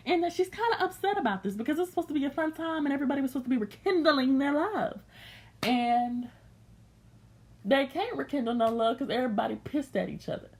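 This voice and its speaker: A woman's voice: high-pitched, animated, a little fast, a little mellow. A young woman recapping a reality show in blunt, slangy, sassy chat, unscripted.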